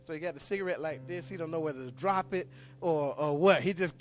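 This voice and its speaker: A man, a pastor praying and then telling a story to his congregation, earnest and repetitive, often halting and restarting his sentences. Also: a little high, faint music behind. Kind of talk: prayer and sermon storytelling.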